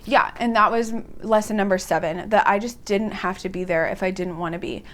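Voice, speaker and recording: A chatty young woman in her twenties talks straight to camera in a loose, storytelling way. Her voice sits at a middle pitch for a woman and leaps up when she acts out her own past reactions, and "like" runs all through her talk. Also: fairly quick. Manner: animated, jumps up in pitch when quoting herself. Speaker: vlogger.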